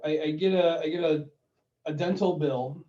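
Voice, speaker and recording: A man's voice: on the high side, normal speed. Man telling stories in a roomy room. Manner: animated storyteller, acts out phone calls. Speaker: podcast co-host giving money advice. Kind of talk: casual chat. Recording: roomy, distant, dull sound.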